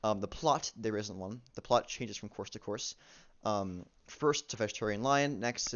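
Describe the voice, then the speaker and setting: Rambling, swearing man with a low voice. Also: a bit bright, smooth. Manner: rambling, halting, full of restarts and swearing. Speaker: amateur movie reviewer. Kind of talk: casual profane movie review rant. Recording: dull lo-fi recording.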